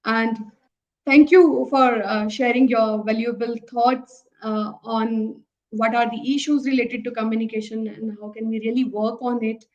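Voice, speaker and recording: A woman's voice: fairly high pitch, steady tone, a little slow, a little mellow, highs cut off. A woman hosting an academic session, giving a courteous formal vote of thanks. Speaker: session host.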